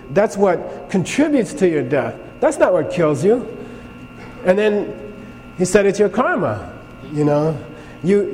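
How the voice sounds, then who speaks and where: A man's voice: high voice, a little mellow, a little hiss or hum. A man teaching a Buddhist class, telling stories in a conversational way and often checking in with his students. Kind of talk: classroom lecture with anecdotes. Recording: long hall reverb, faint ambience.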